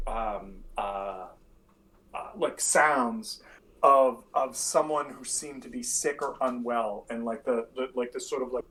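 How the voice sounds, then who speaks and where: A man's voice: medium pitch, a bit bright, low-quality recording. A man narrating as dungeon master in a tabletop game, rambling and filling his lines with many fillers. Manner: loose, rambling, heavy on fillers.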